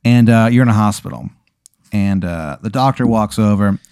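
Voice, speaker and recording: A man hosting a comedy podcast, casually improvising an absurd story with a rambling, filler-heavy, deadpan delivery. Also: fairly low pitch, normal speed, smooth, no room sound, clean studio sound. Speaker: podcast host telling an absurd hypothetical.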